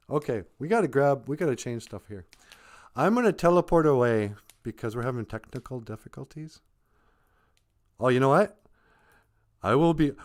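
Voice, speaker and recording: A man hosting a live stream, telling a comic folk tale in a loose, off-the-cuff, joking way. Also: mid-range voice. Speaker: live-stream host and storyteller. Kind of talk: rambling comic storytelling.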